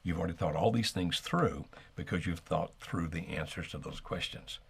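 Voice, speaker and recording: A man co-hosting a live call-in marriage advice show, calmly explaining what to do and acting out sample lines. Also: low voice, moderate pace, creaky, husky. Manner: calm, explanatory, acts out sample dialogue. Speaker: marriage coach co-host.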